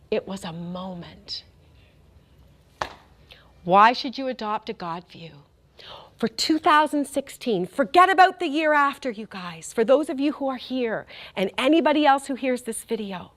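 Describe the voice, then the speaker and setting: A woman's voice: fairly high pitch, a bit bright. A middle-aged woman giving a faith talk, telling a story with animation and speaking directly to the crowd.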